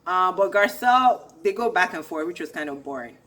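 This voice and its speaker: A woman's voice: fairly low pitch, expressive, fairly quick, a bit bright. A young woman ranting through a casual recap of a reality show, sassy and blunt with a gossipy edge.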